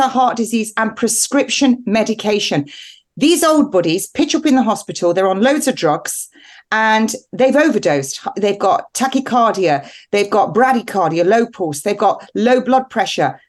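A woman nurse prescriber talking as an interview guest, emphatic and rambling, with a defiant edge. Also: medium pitch. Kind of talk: animated interview talk.

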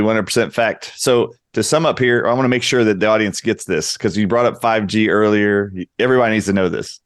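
A man's voice: on the low side, no room sound, studio quality. A man speaking as a doctor guest in an interview, insistent and lecturing. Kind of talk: interview talk.

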